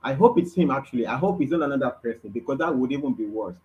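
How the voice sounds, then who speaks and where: A man with a Nigerian accent arguing on an online panel, dismissive and emphatic, dropping low at the ends of his points. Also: expressive, fast, a little mellow. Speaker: panel guest. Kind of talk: heated online panel talk. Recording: lo-fi call audio.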